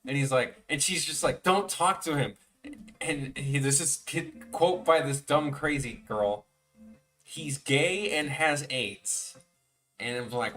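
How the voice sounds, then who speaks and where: A man's voice: a little high, lively intonation, a little slow, bright, forceful tone. A young man animating on a live stream, telling rambling, profane stories in casual chat and mimicking people. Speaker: animator streaming his work. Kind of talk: casual storytelling chat while drawing. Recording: voice a bit far from the mic, faint music behind.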